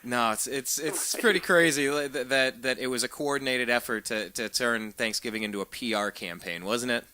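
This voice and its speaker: A man's voice: medium pitch, moderate pace, hardly any pauses, bright, forceful tone, smooth, no echo. A man hosting a political talk show, upbeat and joking with a sarcastic edge. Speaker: host.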